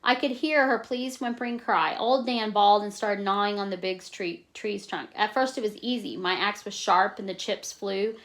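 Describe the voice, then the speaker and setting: A woman reading a novel aloud in a plain, steady way, stopping now and then to explain in casual asides. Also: mid-range voice, normal speed, hardly any pauses. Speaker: reader.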